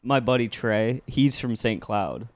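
A male comedian guest on a podcast, laid-back in casual chat and quick to laugh along. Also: mid-range voice, dry recording.

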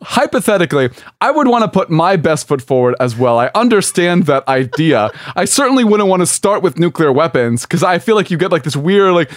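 A man's voice: fairly high pitch, very animated, brisk, few pauses, no echo, studio quality. A young adult man co-hosting a podcast, laughing often and rambling a little, tipsy from champagne. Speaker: podcast co-host. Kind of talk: casual comedic chat.

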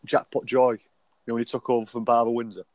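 A man's voice: mid-range voice, level tone, quick pace, darkish tone, no echo. A man co-hosting a casual podcast, chatty and telling loose anecdotes. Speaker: podcast co-host.

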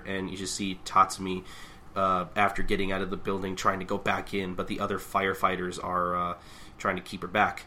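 A man with a low-pitched voice and a very bright, forceful tone, chatting casually as a podcast co-host. He recaps a manga chapter and jumps into quick voices for the characters. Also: a little hiss or hum. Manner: animated, acts out characters' lines in quick voices.

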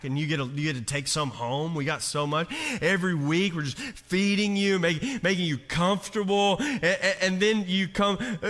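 Bright-voiced man preaching in a reverberant hall. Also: fairly high pitch. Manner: conversational, joking, acts out quoted voices with restarts. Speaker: pastor. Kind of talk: sermon.

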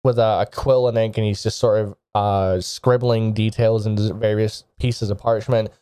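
A man's voice: on the low side, flat delivery, normal speed, warm tone, clear, resonant tone, dry recording. A man narrating a tabletop game as game master, describing scenes casually with frequent fillers.

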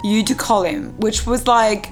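A woman's voice: mid-range voice, lively intonation, measured pace, faint music behind. A woman co-hosting a casual podcast after some wine, hesitant and restarting her phrases. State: tipsy. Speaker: podcast co-host. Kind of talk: casual tipsy podcast chat.

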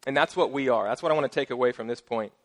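A middle-aged man preaching a sermon as pastor, casual and playful with joking asides and lively emphasis. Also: medium pitch, rapid-fire.

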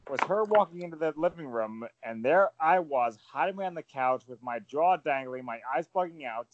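Male host in his 40s, animated storyteller, dull dry remote mic sound. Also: a little high, no room sound. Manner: animated, storytelling, frequent fillers. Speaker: podcast panel host. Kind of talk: casual panel chat.

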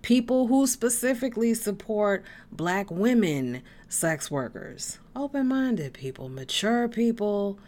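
A woman's voice: mid-range voice, animated, slow pace, few pauses, a little mellow. A woman hosting her own podcast, rambling through tangents in a blunt, casual way and swearing freely. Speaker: podcast host.

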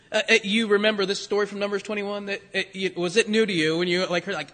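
High, bright-voiced preacher in a reverberant hall. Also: male voice, fast talker, hardly any pauses. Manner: chatty, full of rhetorical questions, acts out quotes. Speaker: pastor. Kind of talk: conversational sermon.

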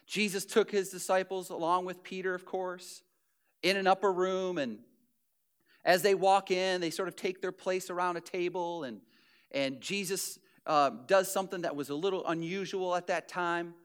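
A man's voice: sits high, steady tone, moderate pace, smooth. A man preaching a sermon, retelling scripture in an earnest, conversational way with frequent restarts and repeated words.

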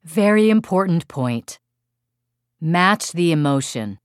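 Woman, low voice, dry close recording, expressive audiobook narration, parenting workshop leader. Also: takes it slowly, clean tone, no echo. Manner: expressive, emphatic storytelling.

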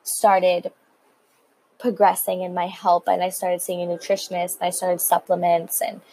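A woman's voice: fairly low pitch, flat delivery, normal speed, dark tone, slightly rough, poor audio. A teenage girl in her late teens talking candidly to her viewers about a hard personal time, rambling with many likes and restarts. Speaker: vlogger. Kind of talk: personal confessional story.

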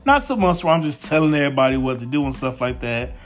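A man's voice: mid-range voice, big pitch swings, fast talker, faint music behind. A man co-hosting a casual chat about marriage with his wife, laid-back and joking. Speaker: podcast co-host, husband.

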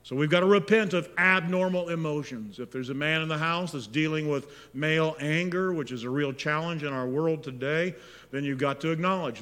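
A man preaching a sermon as pastor, moving between hushed, intimate prayer and loud, impassioned exhortation. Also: on the high side, brisk. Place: church sanctuary. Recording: long reverb of a large hall.

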